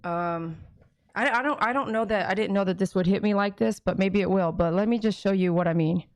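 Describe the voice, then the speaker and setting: A woman who runs a grooming salon talks casually to her viewers, chatty and easily moved. Her voice sits at a middle pitch for a woman. The sound is dry and close, with no room echo. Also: brisk. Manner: chatty, emotional, addresses viewers directly. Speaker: dog groomer and channel host. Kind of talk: casual talk to camera.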